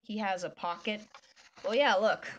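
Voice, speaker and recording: A woman's voice: medium pitch, moderate pace, a bit bright, muffled recording, a little hiss or hum. A woman chatting casually while drawing a comic, rambling and often restarting her sentences. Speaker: artist drawing a fan comic.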